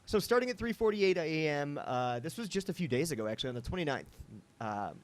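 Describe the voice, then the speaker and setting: A man's voice: a little high, big pitch swings, fast. A man hosting a casual podcast chat, rambling with many fillers and asides. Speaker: podcast host.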